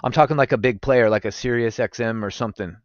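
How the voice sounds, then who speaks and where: A young man streams live, chatting casually and animatedly with his viewers and swearing freely while recovering from gallstones. He talks fast in a mid-range voice, and the recording has no room sound, with highs cut off.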